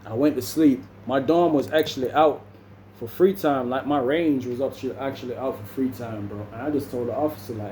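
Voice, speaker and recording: A man's voice: medium pitch, brisk, mellow, echoey room, slight background noise. A young man, telling a story casually and saying "bro" constantly. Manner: laid-back, says "bro" constantly, acts out other people's lines. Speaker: vlogger.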